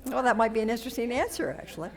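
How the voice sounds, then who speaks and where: A woman's voice: a little high, animated, rapid-fire. A woman with a Massachusetts accent moderating a town candidates forum in a meeting room, talking loosely with fillers and restarts. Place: police station meeting room.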